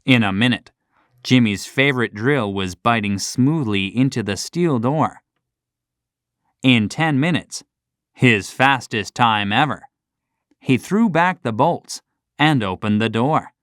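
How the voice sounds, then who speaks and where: Slow, expressive male storyteller. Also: mid-range voice, no echo, clean studio sound. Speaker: narrator. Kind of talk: scripted story narration.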